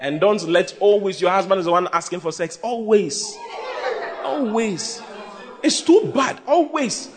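A man preaches to a church full of people, his voice riding high and leaping wildly in pitch. He teases and shouts at his listeners in a playful sermon. A crowd can be heard clearly behind him. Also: a little slow. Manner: animated, teasing, often shouting and laughing with the congregation. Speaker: pastor. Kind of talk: humorous sermon on marriage. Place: church before a live congregation. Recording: congregation noise behind the voice.

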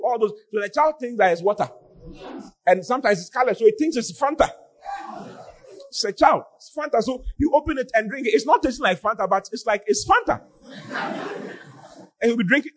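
A man preaching on a podcast, scolding with animated rhetorical questions and shouting for emphasis. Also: extremely high pitch.

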